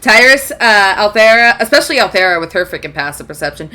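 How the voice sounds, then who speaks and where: A woman's voice: medium pitch, lively intonation, fast, sharp tone. Laughing woman running a tabletop game. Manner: casual, laughing often. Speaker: game master.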